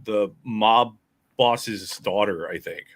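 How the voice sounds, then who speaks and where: A man with a somewhat low voice walks through comic book pages in an easygoing chat. He retells the scenes in an animated way, with offhand fillers. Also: takes it slowly. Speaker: comic podcast co-host. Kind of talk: casual chat.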